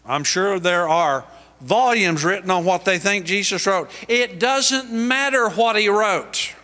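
A man's voice: sits high, a little slow, bright, forceful tone. A middle-aged male pastor preaching a sermon, pressing his points with rising, emphatic questions.

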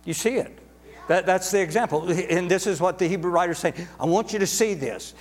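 Guy preaching a sermon, kinda high voice, slow punchy repeats, long church echo. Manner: emphatic, drawn-out preaching with repetition. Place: church sanctuary.

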